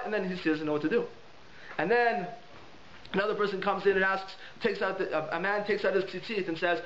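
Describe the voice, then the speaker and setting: Male rabbi, lively teaching style with heavy repetition; high voice, muffled lo-fi recording with faint hiss. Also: fairly quick. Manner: animated, repeats words for emphasis. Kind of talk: holiday Torah lesson with storytelling. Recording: echoey room, dull lo-fi sound, faint hiss.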